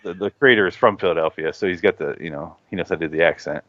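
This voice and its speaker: A man's voice: low voice, fast, fairly bright tone, dry recording. A man in casual podcast chat, rambling and laughing often as he talks movies. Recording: dull, dry podcast audio.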